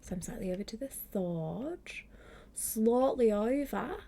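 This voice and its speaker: A woman streaming live from home at a desk microphone, reading aloud and chatting in a gentle, wry voice that often drops to a half-whisper. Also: on the high side, animated, a little slow, gravelly, a little hiss or hum. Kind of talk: soft-spoken stream reading and chat.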